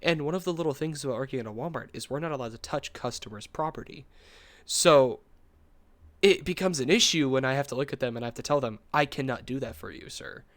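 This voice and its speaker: A young man co-hosting a podcast, telling a story in a rambling, animated way, full of fillers and quick laughs. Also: mid-range voice, dry recording. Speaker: podcast co-host. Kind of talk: casual storytelling chat.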